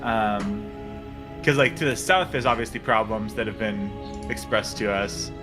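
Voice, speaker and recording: A man's voice: on the low side, measured pace, music in the background. A man playing in a tabletop game who talks hesitantly, with many ums. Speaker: player.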